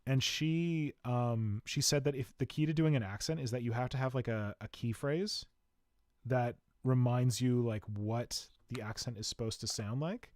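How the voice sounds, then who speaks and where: A man's voice: medium pitch, normal speed, darkish tone, no echo, clean studio sound. A man hosting a podcast in casual chat, telling stories about himself with a chatty, self-mocking manner. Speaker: podcast host.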